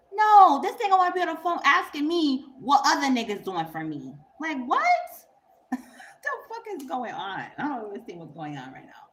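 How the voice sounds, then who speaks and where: A young woman, telling a story to camera in a blunt, profane, animated way and laughing often. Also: high voice, normal speed. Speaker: vlogger. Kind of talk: unscripted storytime rant.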